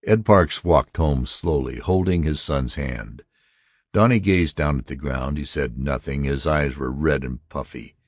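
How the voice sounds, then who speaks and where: A man reading a story aloud as narrator, measured and steady. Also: very deep voice, slightly rough, no echo, studio quality. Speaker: audiobook narrator. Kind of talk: scripted narration.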